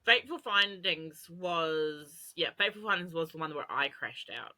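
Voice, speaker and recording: A woman's voice: low voice, expressive, normal speed, bright, forceful tone, rough recording. A young adult woman co-hosting a podcast, telling a long rambling story with swearing and laughter. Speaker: podcast co-host. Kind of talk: casual chat.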